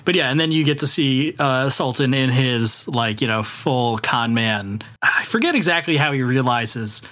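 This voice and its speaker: A man casually discussing a film on a podcast, halting, with many fillers. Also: mid-range voice. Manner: filler-heavy, halting, with animated quoted voices. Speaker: podcast co-host.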